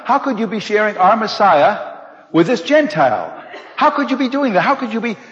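Brief: indignant elders grilling a wayward member, as a male storyteller puts them on; raised pitch, dull hall recording. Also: big pitch swings, fairly bright tone. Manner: indignant, rapid accusing questions. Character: angry council of elders scolding Peter.

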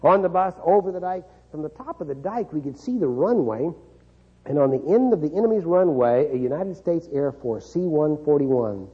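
Husky middle-aged man telling his story. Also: on the high side. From Kansas. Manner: dramatic storyteller with wry humor, chuckles often. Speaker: keynote speaker. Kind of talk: motivational speech with storytelling. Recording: dull lo-fi recording.

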